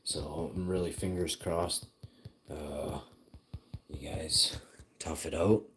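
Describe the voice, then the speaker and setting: A man's voice: extremely low pitch, fairly even intonation, slow pace, a little hiss or hum. A man chatting casually to his live-stream audience, rambling through stories. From Canada. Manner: rambling, chatty storytelling that turns loud and laughing.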